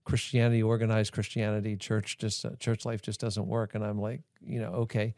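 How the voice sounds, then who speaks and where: Gravelly-voiced man hosting a podcast. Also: lowish voice, completely flat delivery, fairly quick, a little mellow, dry recording, studio quality. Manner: fills speech with "you know" and "like". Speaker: podcast host. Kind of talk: casual podcast discussion.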